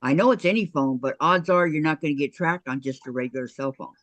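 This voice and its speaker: A woman's voice: low-pitched, fast talker, no echo. A woman hosting a casual video call who chats, reads viewer comments aloud and laughs easily. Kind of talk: casual chat.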